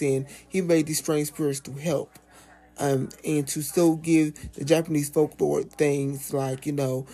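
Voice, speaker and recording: A man talking casually as a guest on a podcast, animated and sassy, swearing freely and stretching out words like "baby.". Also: on the high side, creaky, husky. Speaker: puppeteer guest.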